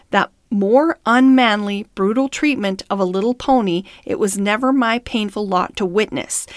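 A woman reading the lines of a stern, principled gentleman who scolds others over their treatment of horses. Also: mid-range voice, no echo, studio quality, natural voice. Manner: stern and reproving.

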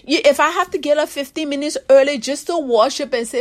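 Female preacher, high-pitched, earnest exhortation, slows down for emphasis. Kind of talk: sermon.

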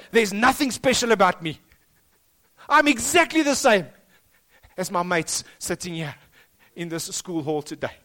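A man's voice: very high-pitched, fairly bright tone. A South African man preaching a sermon to his church in a school hall, emphatic and repetitive. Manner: emphatic, rising and dropping for stress, repeats phrases. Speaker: pastor.

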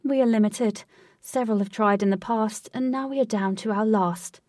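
A woman's voice: a little high, moderate pace, darkish tone, no room sound, studio quality, distant mic, natural voice. A woman voicing a commanding, scheming queen who speaks in a stately, formal way.

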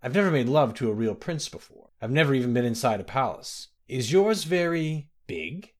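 A man's voice: mid-range voice, quick pace, close to an everyday voice. A man voicing a clever young female spy who teases and coos in a storybook reading. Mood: teasing.

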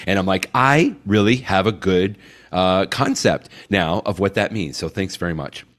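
A man co-hosting a podcast in casual chat, agreeable and quick to laugh. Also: sits low, a bit bright. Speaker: podcast co-host.

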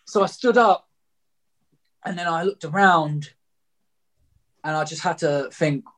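A man's voice: on the high side, a little slow, a bit bright. A young man recounting a story in loose, blunt, casual talk, swearing freely and leaning on filler words. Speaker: guest telling a story.

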